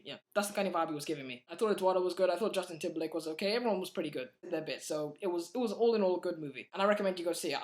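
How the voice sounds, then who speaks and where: A man giving a casual, blunt film review, chatty and full of fillers and restarts. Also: high-pitched. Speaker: movie reviewer.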